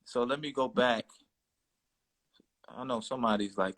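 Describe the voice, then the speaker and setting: A man's voice: medium pitch, moderate pace, a bit bright, low-quality recording. A man in his thirties, a guest in a casual interview, speaking candidly and thoughtfully about himself. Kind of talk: casual conversation.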